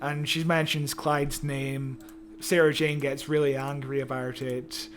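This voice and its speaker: A man's voice: mid-range voice, little pitch movement, unhurried, fairly bright tone, slight background noise. A man co-hosting a podcast, laid-back and chuckling, with sarcastic asides. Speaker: podcast co-host. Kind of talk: casual review chat.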